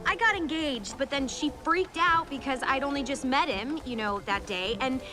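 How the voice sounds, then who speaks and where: A woman voicing an eager, naive young princess who rambles breathlessly in animated film dialogue, with music underneath. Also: high-pitched, normal speed, rough recording. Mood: bubbly, defensive. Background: film score music.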